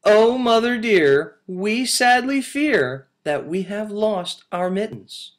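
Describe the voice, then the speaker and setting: A man voicing a group of small sad kittens in a high, plaintive sing-song while reading a nursery rhyme to children. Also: animated, takes it slowly. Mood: sad pleading. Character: three little kittens, small and sorrowful.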